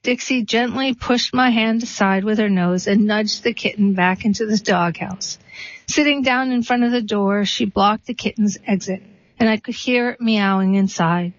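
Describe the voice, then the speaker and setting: A woman reading a short story and a poem aloud in a steady, unhurried way. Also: mid-range voice, no room sound. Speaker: reader. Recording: dull, slightly lo-fi dry recording.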